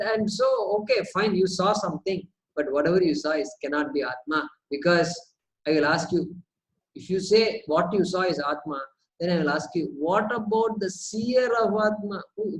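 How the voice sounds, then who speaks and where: In this low-quality recording, a male spiritual teacher runs a Q&A teaching session at a moderate pace, his voice sitting high. He's lively as he works through his point, piling up rhetorical questions and repeating words.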